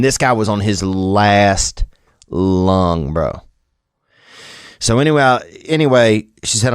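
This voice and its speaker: A Southern man in his thirties drawls his way through a meandering, self-deprecating story, often trailing off mid-thought. His voice sits a little low. The sound is dry and close, with no room around it. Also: no echo. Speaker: comedian telling a story. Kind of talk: rambling storytelling monologue.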